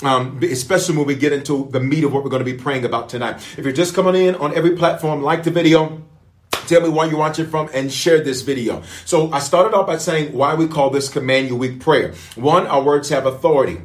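Fervent preaching man, higher voice. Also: steady tone, fairly quick. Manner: fervent preaching with repeated declarations; calls viewers to type responses. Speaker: pastor leading online prayer. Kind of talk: livestreamed prayer sermon.

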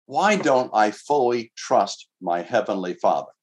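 A man's voice: fairly low pitch, expressive, unhurried, a little hiss or hum. A man preaching a sermon in an earnest, conversational way, asking his listeners rhetorical questions and reading scripture aloud. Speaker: pastor. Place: outdoors in winter.

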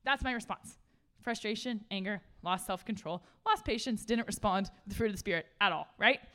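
A woman, preaching a sermon in a conversational, animated way and laughing often. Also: medium pitch, a little fast. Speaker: pastor.

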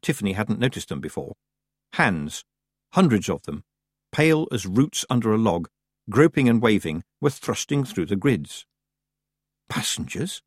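A man narrating an audiobook in an expressive, measured storytelling manner. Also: fairly low pitch, breathy edge, no echo, clean studio sound. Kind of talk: scripted narration.

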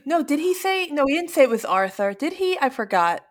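A woman's voice: high voice, big pitch swings, a little fast. A woman co-hosting a podcast, chatting casually about a movie in a teasing, playful way.

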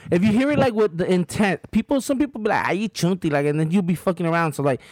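A man's voice: sits high, expressive, quick pace, dry recording, studio quality. A man from Southern California, co-hosting a podcast in casual chat and telling a story in slangy, profane talk full of fillers. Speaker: podcast co-host.

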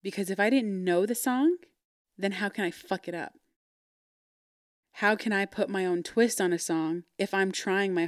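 A young woman, a podcast guest, bluntly telling a story and swearing freely, growing animated when frustrated. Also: lowish voice, no echo, studio quality. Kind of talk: casual storytelling interview.

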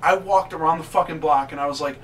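A young man co-hosting a podcast, telling a ghost story in animated, swear-heavy casual chat. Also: on the high side, fast. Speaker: podcast co-host. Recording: distant mic with faint background noise.

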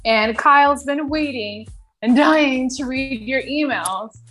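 A woman's voice: high-pitched, slow, fairly bright tone. A woman co-hosting a casual book podcast, teasing her co-hosts and laughing often. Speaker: podcast co-host. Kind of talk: casual chat.

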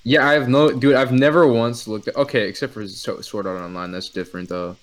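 A man's voice: medium pitch, a little fast. A man chatting casually while playing a game, sarcastic and swearing often. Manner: sarcastic, profane, animated banter. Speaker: gamer co-host. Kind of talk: casual gaming chat.

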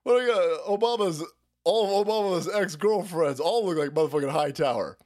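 A man's voice: sits high, fairly quick, a little mellow. A man hosting a livestream, ranting crudely and laughing often. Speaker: streamer host. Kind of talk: profane livestream rant.

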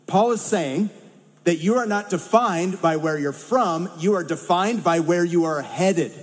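Californian pastor preaching in a hall. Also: male voice, high voice. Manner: conversational, with humorous asides. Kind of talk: sermon. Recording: long hall reverb.

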